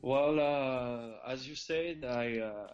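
A man's voice: medium pitch, takes it slowly, lo-fi sound, soft background music. A man in his thirties from France with a French accent, a native French speaker, talking as a podcast guest and hesitating often with restarts and fillers. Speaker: guest, former tennis pro.

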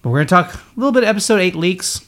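A man hosting a casual pop-culture podcast, talking in an excitable, rambling way. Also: high-pitched, racing. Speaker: podcast host.

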